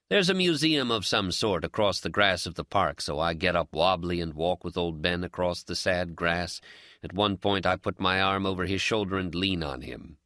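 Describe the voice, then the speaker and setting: A deep-voiced man reads an audiobook with reflective, expressive narration. His tone is bright and his pitch moves a lot, captured in a dry, close studio recording. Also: normal speed, no echo. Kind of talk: scripted narration.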